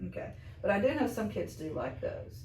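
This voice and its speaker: A woman's voice: medium pitch, lively intonation, brisk, darkish tone, faint music behind. A middle-aged woman hosting a casual interview with students, chatty and encouraging, laughing often. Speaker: interviewer, school staff host. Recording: echoey room, mic from a distance, faint noise.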